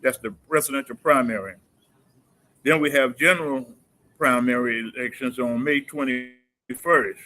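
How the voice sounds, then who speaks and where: A man's voice: mid-range voice, steady tone, normal speed, pushed and bright, rough recording. A man hosting a community livestream talk show, speaking hesitantly with many fillers and laughing easily. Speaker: host.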